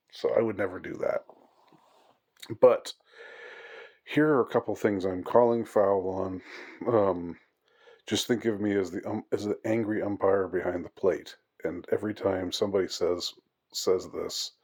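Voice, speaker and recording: A commentator on English usage delivers a rambling, mock-outraged monologue in a casual style, full of fillers and restarts. His voice sits low, with a darkish, husky tone.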